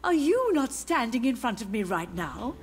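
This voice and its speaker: An actress playing a gentle, wistful older mother who is grieving, in a video game. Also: fairly high pitch, very animated, normal speed.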